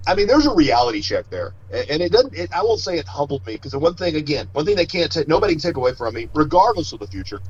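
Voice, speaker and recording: A man's voice: a little high, big pitch swings, quick pace, few pauses, breathy edge. Man, middle-aged, interview guest, rambling storyteller, many restarts, muffled lo-fi recording. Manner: rambling, self-correcting, storytelling. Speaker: wrestler and guest. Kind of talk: casual interview talk. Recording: slightly dull lo-fi audio.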